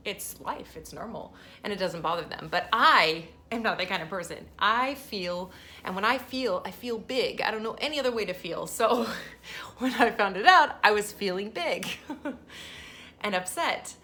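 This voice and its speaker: A woman's voice: medium pitch, pushed and bright. A woman, a mother of a special-needs daughter, talking casually in a personal vlog, emotional and laughing often as she tells her story.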